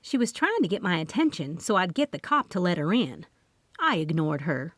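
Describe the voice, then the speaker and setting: A woman reading first-person audiobook narration in a lively, expressive voice on a close microphone. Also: on the low side, moderate pace, no echo.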